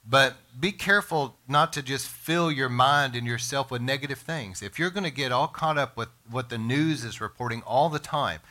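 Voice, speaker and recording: A man preaching a sermon as pastor, emphatic, slowing down to stress words and speaking straight to his congregation and listeners. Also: medium pitch, pushed and bright. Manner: addresses congregation and podcast listeners directly.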